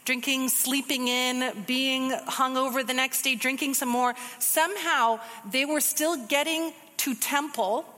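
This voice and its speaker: Bright-voiced woman teaching scripture. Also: sits high, in a large hall. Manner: conversational, animated, quick asides. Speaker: Bible teacher. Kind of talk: casual sermon.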